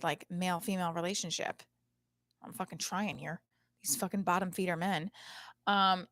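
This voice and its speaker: A woman's voice: medium pitch, fairly bright tone, dry recording. A middle-aged woman hosting a podcast, talking in a blunt, profane, rambling comedic monologue into a close mic.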